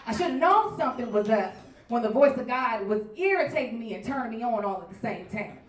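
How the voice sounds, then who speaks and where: A woman performing a stand-up set, telling her stories in a brash, loud way with big swings in volume. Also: mid-range voice, recorded from a distance. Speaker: stand-up comedian. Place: bar comedy stage before a live crowd. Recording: echoey bar room recorded from afar.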